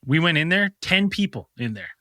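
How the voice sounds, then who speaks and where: A man's voice: a little high, big pitch swings, fairly quick, sharp tone, no echo, clean studio sound. A man co-hosting a podcast, telling a rambling, profane anecdote with frequent laughs in casual chat. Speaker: podcast co-host.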